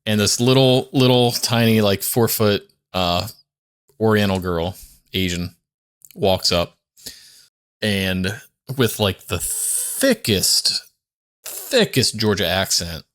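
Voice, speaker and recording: A man co-hosting a casual podcast, telling stories in a chatty way and laughing often. His voice sits slightly low. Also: animated, slow pace, pauses often, a bit bright, smooth. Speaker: podcast co-host.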